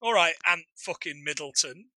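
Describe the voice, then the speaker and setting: A man's voice: fairly high pitch, expressive, normal speed, bright, forceful tone, no room sound. A man co-hosting a podcast, recapping a film in casual, joking chat and swearing freely. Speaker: podcast co-host.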